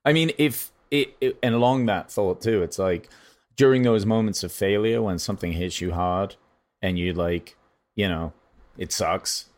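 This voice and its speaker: A man co-hosting a podcast, telling rambling, animated comedy stories in casual chat. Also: low-pitched, normal speed.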